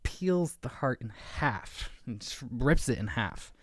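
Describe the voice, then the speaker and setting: A man's voice: medium pitch, no room sound. Man, podcast co-host, eager plot recap, very dry close sound. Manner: excited, retells plot in quick bursts. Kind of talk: casual book discussion.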